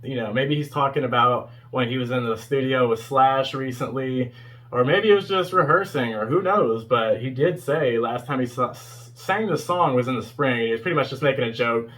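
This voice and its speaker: A man's voice: medium pitch, normal speed, a bit bright. A man in his twenties giving a casual, rambling spoken review as a fan video host, with many fillers and small chuckles. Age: 20s.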